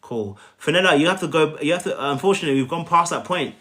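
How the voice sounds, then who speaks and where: A man's voice: a little high, fast, pushed and bright. A man coaching viewers on a live stream, emphatic, often checking in with "okay?" and addressing them by name. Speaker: life coach. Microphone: phone on a live stream.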